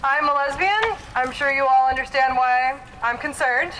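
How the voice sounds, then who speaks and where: A woman's voice: high-pitched, moderate pace, pushed and bright, slight background noise, poor audio. A nervous woman giving a short speech at an outdoor protest rally, laughing between phrases. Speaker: rally speaker.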